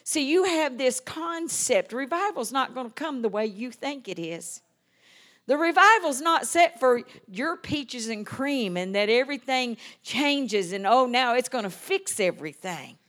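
An older woman preaching a sermon, telling a story with frequent amens and swinging from hushed tones to loud exclamations. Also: high voice, animated, measured pace.

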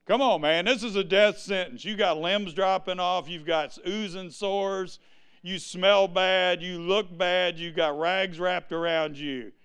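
A male preacher giving an exuberant sermon, breaking into sudden shouts and asking the congregation to answer him. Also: sits high, fairly even intonation, measured pace, smooth.

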